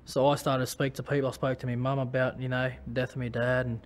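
An Australian man talking about his own life in a personal testimony. He speaks in a halting way, with many restarts and fillers. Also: medium pitch, level tone, slight background noise. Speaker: former rugby league player.

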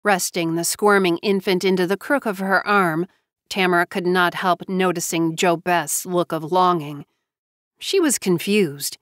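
A woman's voice: on the low side, steady tone, no echo. Woman narrating an audiobook, dry close sound. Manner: measured storytelling.

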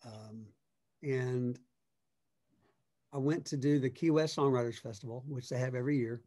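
A middle-aged man, a songwriter guest, telling a long story in a relaxed, conversational way. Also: mid-range voice, moderate pace. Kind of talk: casual storytelling.

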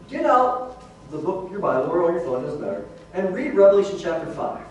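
A man's voice: high-pitched, a little mellow, a little hiss or hum. A man preaching a sermon as pastor, in a conversational way that keeps calling the listeners "guys". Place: large church sanctuary. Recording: very echoey hall, voice from far off.

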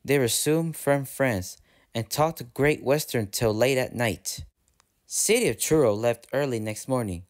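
A man narrating a storybook aloud in a steady, even read-aloud manner. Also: medium pitch, measured pace. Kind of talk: storybook reading.

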